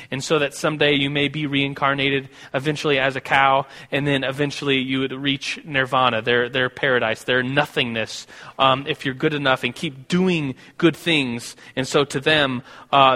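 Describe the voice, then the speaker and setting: A man's voice: on the high side, pushed and bright. American man preaching in an echoing hall. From United States. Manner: conversational, many restarts and fillers. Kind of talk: sermon with personal story. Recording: long reverb of a hall.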